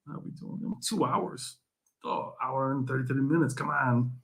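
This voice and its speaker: A man hosting a casual community livestream chat, excitable and jokey, often laughing and teasing his viewers. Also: medium pitch, normal speed. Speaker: livestream host.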